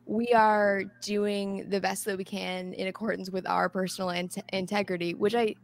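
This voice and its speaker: A woman chats over a video call in a gravelly voice. She hesitates and restarts often and laughs her way through the story. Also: medium pitch, flat delivery, normal speed. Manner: hesitant, many fillers and restarts, laughs while talking. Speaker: podcast guest. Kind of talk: casual chat.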